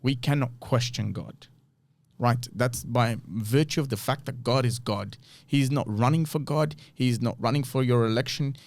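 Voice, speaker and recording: A man's voice: mid-range voice, moderate pace, a little mellow, no echo. A man hosting a podcast, reading scripture aloud and explaining it earnestly, with frequent rhetorical questions. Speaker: podcast host. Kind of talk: bible teaching talk.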